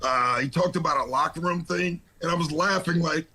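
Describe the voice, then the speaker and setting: A man's voice: a little high, brisk, few pauses, pushed and bright, low-quality recording. A man who coaches basketball, answering in an interview clip in a conversational, amused way. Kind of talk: press interview.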